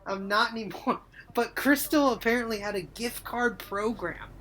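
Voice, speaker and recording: A woman's voice: on the high side, normal speed, fairly bright tone, a little hiss or hum. A woman co-hosting a podcast, telling a rambling story in casual chat and laughing often. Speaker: podcast co-host.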